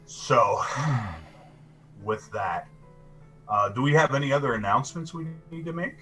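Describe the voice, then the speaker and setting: Bright-voiced man as game master. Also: mid-range voice, animated, soft background music, poor audio. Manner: halting, with fillers. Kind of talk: casual live-stream chat.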